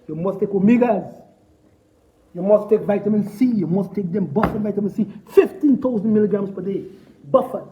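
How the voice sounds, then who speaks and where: Emphatic high-voiced man preaching health. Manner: preachy and emphatic, repeating commands. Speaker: natural health promoter. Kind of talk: casual direct-to-camera talk. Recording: dull lo-fi sound.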